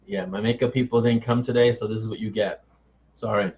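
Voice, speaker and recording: A man's voice: on the low side, fairly even intonation, a little fast, a little mellow, highs cut off, slight background noise. A middle-aged man, an author hosting a casual live-stream chat, answering viewers by name in a chatty, self-mocking way.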